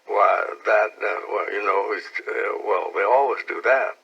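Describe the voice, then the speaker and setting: A man's voice: lowish voice, measured pace, gravelly, slightly rough, highs cut off, full character voice. A man voicing an eager young schoolboy in love, talking in an earnest, coaxing, folksy way.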